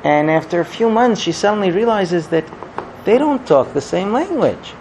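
A man giving a sermon, telling a parable in an animated storytelling manner. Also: high-pitched, normal speed, slight background noise, low-quality recording. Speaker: religious teacher.

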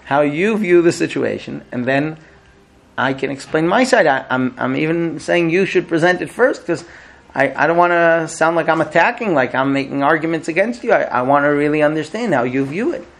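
A man acting out a husband at the end of his rope, pitched a little high, pleading earnestly and then climbing into exasperation. He keeps asking to understand, over and over. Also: moderate pace, creaky. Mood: exasperated. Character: frustrated husband pleading to talk things out.

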